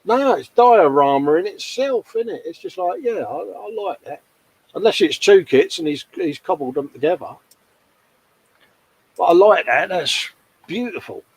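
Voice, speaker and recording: A man's voice: sits high, expressive, normal speed, husky, rough recording. Chatty man hosting. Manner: chatty, matey, full of tag questions. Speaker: host. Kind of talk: casual live-stream chat.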